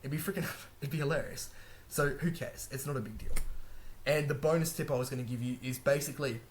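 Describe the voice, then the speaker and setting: Young guy vlogging about learning languages, talks fast, chatty, laughs, fixes his own sentences. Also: mid-range voice, a little hiss or hum. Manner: chatty, laughs often, corrects himself. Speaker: language-learning video host. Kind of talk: casual talk to camera.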